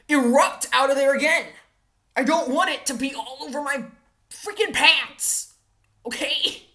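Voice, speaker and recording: A woman telling a comic personal story in an animated, exaggerated way, often checking in with her listeners and tossing in mild curses. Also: fairly high pitch. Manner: animated and exaggerated, with frequent "all right?" check-ins; mild exasperated cursing.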